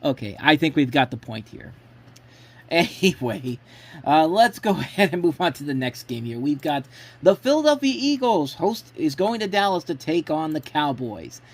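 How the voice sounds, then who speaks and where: A man runs his own sports blog show, talking casually through football predictions in a rambling way and often stopping to restart or correct himself. His voice is fairly high, very animated, and at a normal speed.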